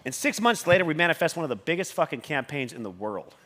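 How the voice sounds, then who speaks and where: Male stage speaker, high lively bright voice, swears a lot, loud bursts of excitement. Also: quick pace. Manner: swears constantly, loud surges when excited. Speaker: conference speaker. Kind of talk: motivational stage talk. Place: stage at a conference.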